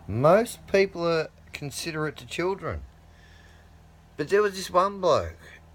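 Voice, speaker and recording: A middle-aged man, telling a rambling, profane anecdote in a casual way. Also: lowish voice. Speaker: storyteller.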